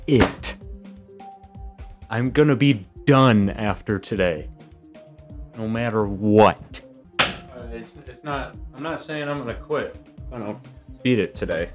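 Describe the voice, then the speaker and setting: A man reacting live as he plays a hard game level, with exasperated, self-scolding outbursts. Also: mid-range voice. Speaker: gamer playing a hard level.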